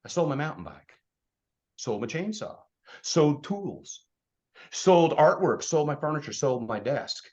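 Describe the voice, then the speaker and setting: A man with a slightly high voice delivers a blunt, preachy motivational talk to his team, pushing hard and then dropping to a hush. The sound is dull and lo-fi. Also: sing-song, measured pace. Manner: blunt, fired-up, preachy, swings between loud and hushed. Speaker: insurance agency leader speaking to his team.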